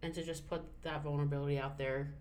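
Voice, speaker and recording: A woman's voice: deep voice, little pitch movement, fast talker, a little mellow, a little hiss or hum. A woman co-hosting a casual podcast, talking in a heartfelt, emotional way. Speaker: podcast co-host. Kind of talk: casual chat.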